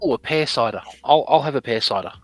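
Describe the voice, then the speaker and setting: A man's voice: medium pitch, expressive, fast talker, crowd noise. A man playing a tabletop game, chatting casually with a wry manner. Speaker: player. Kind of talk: casual chat.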